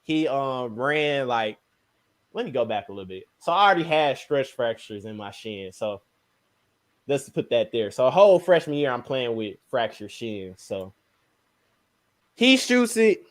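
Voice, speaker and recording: A young man, a podcast guest, telling a basketball injury story in casual, slangy, animated speech. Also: unhurried. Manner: animated, slangy, sound words like "boom, bam".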